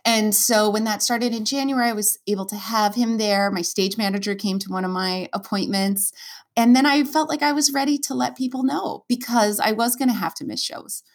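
A woman stage performer speaks as a guest in a relaxed interview. She tells her own story earnestly and openly, emotion close to the surface. Her speech is full of fillers and restarts. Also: medium pitch, a little fast. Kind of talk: candid conversational storytelling.

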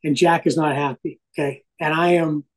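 A middle-aged man, a hockey broadcaster and interview guest, telling stories in a casual, animated way and swearing freely. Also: a little high, normal speed, rough recording.

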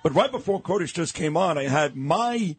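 Husky new guy hosting talk radio, brash and punchy, bit of music behind. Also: fairly high pitch, expressive. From New York. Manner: brash, fast and emphatic. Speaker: radio talk show host. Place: radio studio.

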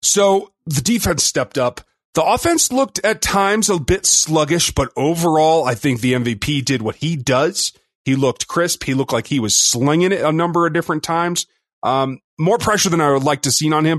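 A man co-hosting a sports podcast, talking through a game in an upbeat, quick, casual way. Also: fairly high pitch, animated, no echo, clean studio sound. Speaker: podcast co-host.

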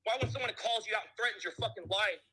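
A man's voice: sits high, fast, sharp tone, breathy edge, poor audio. A man calling in with a profane, aggressive rant, repeating threats and mocking taunts. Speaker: caller. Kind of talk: hostile phone rant.

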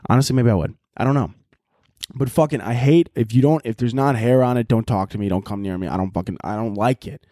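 A man talking through his solo podcast in loose, rambling chat, swearing freely and poking fun at himself. His voice sits in a middle register, and the recording is dry and close with no room sound. He breaks into loud, exaggerated voices when he acts out little scenes. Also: mid-range voice, fast talker, dry recording. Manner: profane, rambling and self-mocking. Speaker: podcast host.

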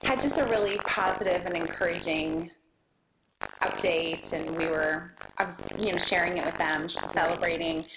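A woman's voice: lowish voice, fairly even intonation, moderate pace, vocal fry, reverberant, background noise. A middle-aged woman talking as an interview guest, chatty and emotional, with many restarts. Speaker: guest, business owner. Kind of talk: casual interview chat.

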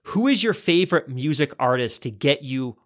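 A man's voice: fairly high pitch, expressive, moderate pace. Upbeat jokey male interviewer. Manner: upbeat, jokey, long rambling questions. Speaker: interview host. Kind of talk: conversational interview.

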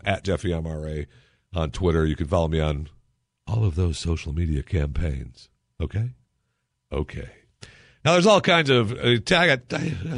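A man hosting a talk radio show, talking in a sarcastic, animated and rambling way. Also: low-pitched, dry recording, clean studio sound.

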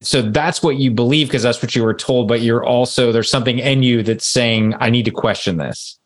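A man hosting a true-crime podcast, asking calm, probing questions and reading scripted narration. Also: mid-range voice, moderate pace. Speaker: podcast host and interviewer. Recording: music bed under the voice.

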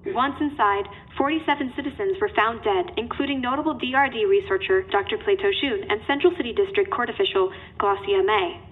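An actress playing a crisp female news anchor in an audio drama, heard through a tinny broadcast. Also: fairly high pitch, lightly acted. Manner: crisp, rapid.

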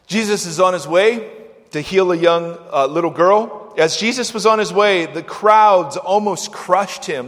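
A male pastor giving a conversational sermon, with animated swings between loud, emphatic lines and soft asides. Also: high voice. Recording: long church-hall reverb.

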